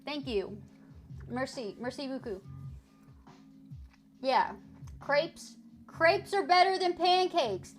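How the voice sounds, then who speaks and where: A high-voiced woman talks casually on a live stream, taking her time over each word. She is playful and loose, swearing freely as she carefully sounds out French phrases. Faint music plays in the background. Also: takes it slowly, long pauses.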